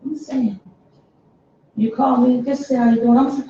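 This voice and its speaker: A middle-aged woman sharing a personal story with her class, heartfelt and halting, often restarting her sentences. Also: sits high, steady tone, mellow, dull audio, slight background noise. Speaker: class member. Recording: very echoey room, distant mic.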